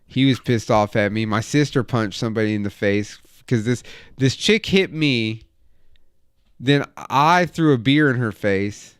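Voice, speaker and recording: A man's voice: medium pitch, measured pace, smooth, no echo, studio quality. A man in his thirties telling a wild, profane story in casual chat as a podcast host. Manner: profane, animated anecdote telling.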